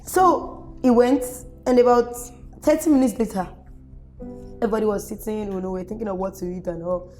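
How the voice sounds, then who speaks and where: A young Nigerian woman, an activist guest in an interview, telling her story in a lively way and acting out the voices she quotes. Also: mid-range voice, a little fast, soft background music. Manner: animated, acts out quoted voices.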